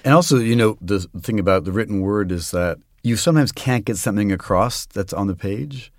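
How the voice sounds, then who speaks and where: A man's voice: lowish voice, brisk, no echo, clean studio sound. A man who is an actor, talking in an interview in a reflective way about how he reads stories aloud. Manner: reflective, explains his craft with spoken examples. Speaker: actor and guest. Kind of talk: conversational interview.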